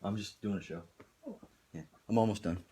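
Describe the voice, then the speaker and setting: A man's voice: fairly low pitch, fairly even intonation, a little fast, noisy background. A man hosting a casual livestream, rambling and joking, chuckling often as he talks to viewers. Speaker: livestream host. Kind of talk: casual live-stream chat.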